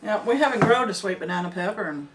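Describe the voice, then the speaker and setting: Recorded on a distant mic with background noise, an older homesteader from Middle Tennessee chats casually while off-mic. She sounds earnest and emphatic, laughs easily, and talks quickly in an animated, medium-pitched voice.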